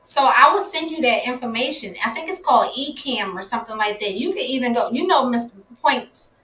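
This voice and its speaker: A woman hosting a casual live-stream interview, effusive and quick to exclaim. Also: a little high, lively intonation, pushed and bright. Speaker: host. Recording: echoey room.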